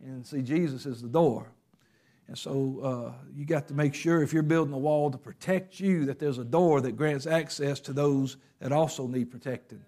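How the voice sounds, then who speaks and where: A man preaching a sermon in a conversational way, acting out little quotes and often pausing with fillers. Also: mid-range voice, warm tone. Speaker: pastor.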